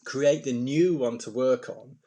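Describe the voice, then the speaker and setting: A man, talking casually to camera as a self-esteem coach, chatty and animated, dropping into playful put-on voices now and then. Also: medium pitch, unhurried.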